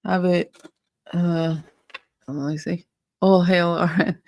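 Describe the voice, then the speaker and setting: A woman's voice: on the low side, steady tone, takes it slowly, gravelly, a little mellow. A woman hosting a casual perfume livestream, playful and a bit silly, giggling as she chats with viewers and muses over scents. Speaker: livestream host reviewing perfumes.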